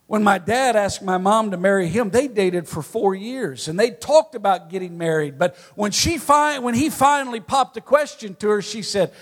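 A man's voice: high-pitched, normal speed, few pauses. A married man preaching a sermon in a folksy storytelling way, telling personal stories between points. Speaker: pastor. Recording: long hall reverb.

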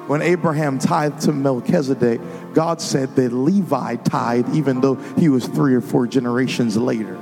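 Gravelly-voiced man preaching a sermon. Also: mid-range voice, moderate pace. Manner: rises into sung, shouted preaching climaxes. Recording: music behind the voice.

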